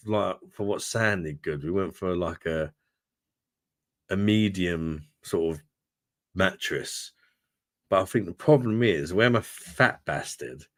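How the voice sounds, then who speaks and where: Deep-voiced chatty man. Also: a bit bright, no echo, clean studio sound. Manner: chatty, rambling, laughs often. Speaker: beer review channel host. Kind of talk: casual live-stream chat with viewers.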